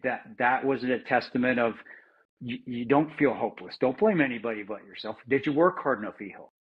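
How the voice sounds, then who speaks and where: A husky middle-aged man from the United States talks through his combat memories in a candid, plain-spoken way, often restarting sentences and swearing now and then. The audio is dull and a bit lo-fi, like a modest podcast setup. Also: mid-range voice, brisk. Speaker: interview guest, former Army Ranger and security contractor. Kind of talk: candid conversational storytelling.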